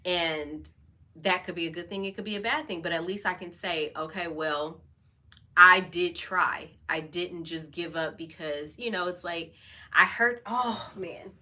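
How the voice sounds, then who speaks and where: Bright-voiced woman chatting candidly. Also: on the low side, fairly even intonation, normal speed. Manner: candid and chatty, many fillers. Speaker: vlog host. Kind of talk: casual personal talk over wine.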